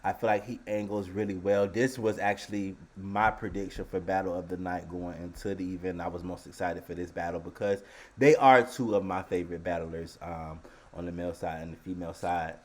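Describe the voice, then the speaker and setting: A man co-hosting a casual podcast chat, relaxed and full of opinions. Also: low-pitched, fairly quick. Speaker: co-host.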